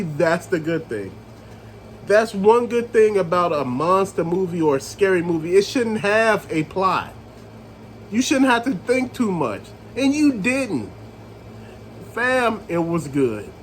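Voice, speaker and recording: A man reviewing a movie in a casual rant, retelling scenes with animated storytelling and calling his viewers family. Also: high voice, unhurried, slight background noise, rough recording.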